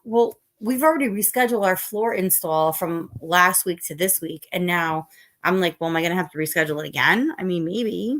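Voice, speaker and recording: A woman's voice: on the low side, fairly quick, a bit bright. Chatty, tired woman live-streaming. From Northeast United States. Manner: chatty, rambling, reads chat aloud. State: tired, yawning. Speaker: livestream host. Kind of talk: casual live stream chat.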